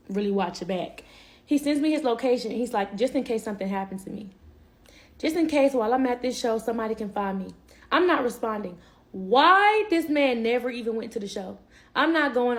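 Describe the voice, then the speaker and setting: A young woman telling a personal story in casual vlog style, animated and acting out what people said. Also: mid-range voice. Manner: animated, acts out quotes, laughs. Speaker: vlogger.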